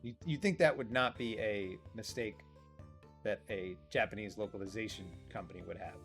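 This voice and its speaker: A man's voice: fairly low pitch, moderate pace, fairly bright tone. A man hosting a let's play, making wry, joking asides about a game in casual commentary. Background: faint game music.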